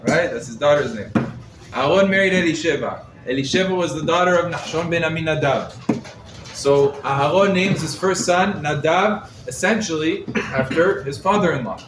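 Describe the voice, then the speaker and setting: A man, a rabbi, giving a lively Torah class to a live group, quizzing his listeners and using Hebrew terms, recorded from across the room. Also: a little high. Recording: roomy echo, mic set far off, faint background noise.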